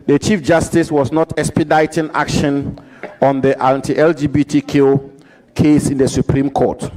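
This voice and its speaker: A man questioning a nominee at a formal parliamentary hearing, deliberately quoting the record and repeating his points for emphasis. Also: on the high side, flat delivery, a little mellow, poor audio. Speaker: committee member questioning a nominee.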